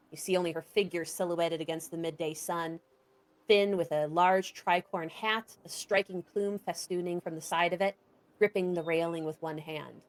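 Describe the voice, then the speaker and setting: A woman's voice: lowish voice, fairly even intonation, moderate pace. A woman game master narrating and setting scenes for a tabletop game.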